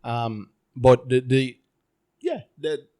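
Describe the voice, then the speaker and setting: A man co-hosting a casual podcast about stock earnings, talking in an animated, joking way. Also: medium pitch, takes it slowly. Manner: animated, joking, playful storytelling. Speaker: podcast co-host.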